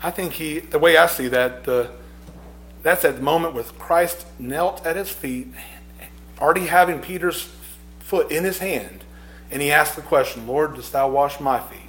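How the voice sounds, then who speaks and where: A man's voice: fairly high pitch, moderate pace, a bit bright. Reflective preacher man in an echoey room. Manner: reflective, repeats phrases, swells in emphasis. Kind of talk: sermon.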